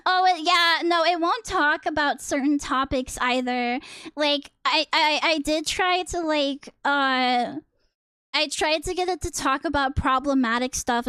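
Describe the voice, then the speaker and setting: A woman's voice: sits high, lively intonation, slow pace, pushed and bright, no room sound. A woman streamer chatting casually and teasingly, rambling with lots of fillers as she talks to her chat. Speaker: VTuber streamer.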